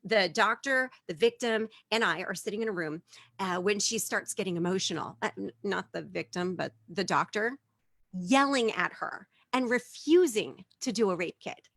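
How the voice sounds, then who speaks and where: A middle-aged woman tells a personal story as a stand-up set, with lively swings in pitch. Her voice is bright and forceful, and the sound is dry and close. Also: normal speed, gravelly, no echo. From immigrant living in Japan. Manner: animated, acts out quotes with big pitch jumps.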